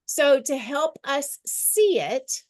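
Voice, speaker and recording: A woman teaching a Bible study, slowly dictating verses and guiding drawing with a friendly, self-deprecating manner. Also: high voice, sing-song. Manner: slow, deliberate dictation, repeating phrases; friendly, laughs at herself. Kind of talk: guided scripture lesson with drawing.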